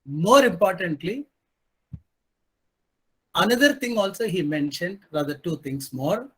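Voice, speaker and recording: A man's voice: high voice, animated, a little slow, a bit bright, breathy edge. Male panelist with a slightly raised voice, pointed and wry in his delivery. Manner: emphatic, sarcastic, asks rhetorical questions. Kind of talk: panel discussion commentary.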